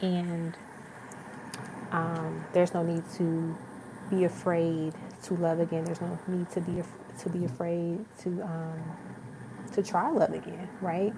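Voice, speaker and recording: A woman's voice: lowish voice, flat delivery, slow, gravelly, background noise. A young adult woman giving a live tarot reading, talking in a casual, chatty way with lots of fillers and laughs. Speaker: tarot reader.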